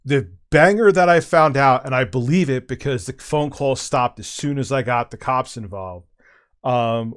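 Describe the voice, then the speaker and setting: A middle-aged man chatting casually as a streamer, telling a long rambling anecdote with swearing and restarts. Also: mid-range voice. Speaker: streamer and host. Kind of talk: casual chat, storytelling.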